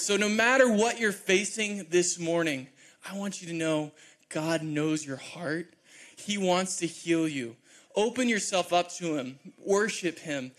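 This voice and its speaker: A man's voice: high-pitched, a little slow, a bit bright. A man closing a sermon at church with an earnest, encouraging manner. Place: church auditorium.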